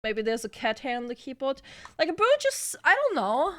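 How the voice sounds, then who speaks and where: A woman's voice: high-pitched, big pitch swings, moderate pace, a bit bright. A woman live streamer chatting casually, flustered and swearing as she troubleshoots her setup.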